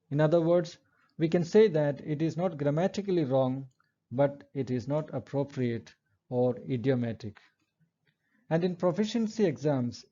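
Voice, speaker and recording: In a recorded English lecture, a man with a fairly high, mellow voice walks through the material step by step at a measured pace, reading example sentences aloud. The recording is dull.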